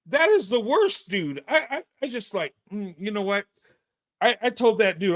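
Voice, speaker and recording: A man's voice: very high-pitched, lively intonation, normal speed, fairly bright tone. A man hosting a live show, talking with emphatic, blunt passion, stammering and restarting his sentences and swearing now and then. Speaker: show host. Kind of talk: impassioned live-show commentary.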